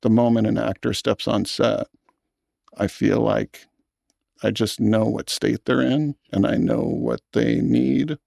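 A man, a film director, talking in an interview in a thoughtful, earnest way with halting restarts. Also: on the low side, creaky, darkish tone, dry recording, clean studio sound. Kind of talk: reflective interview talk.

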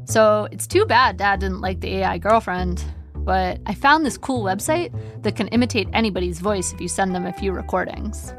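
A practical, matter-of-fact sister, read by a woman narrator lays things out in a near-normal voice with a gravelly texture. She stays even and plain, with faint music behind her. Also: medium pitch, moderate pace, lightly acted. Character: practical adult sister reading out a plan.

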